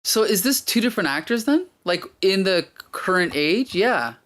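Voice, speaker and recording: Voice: mid-range voice, very animated, moderate pace, a bit bright. A podcast host talking casually and with enthusiasm about a TV episode, often laughing.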